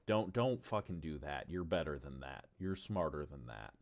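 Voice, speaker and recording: Deep-voiced man rambling on a livestream. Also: animated, normal speed, darkish tone. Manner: rambling and profane, with stumbles and asides to chat. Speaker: game designer presenting his tabletop game on stream. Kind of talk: casual livestream chat.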